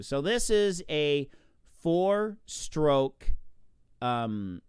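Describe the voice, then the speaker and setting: A man coaching swimming in a chatty, animated way, counting out strokes as he explains breathing technique. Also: medium pitch, measured pace, smooth, dry recording, studio quality. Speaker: swim coach. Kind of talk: casual instructional talk.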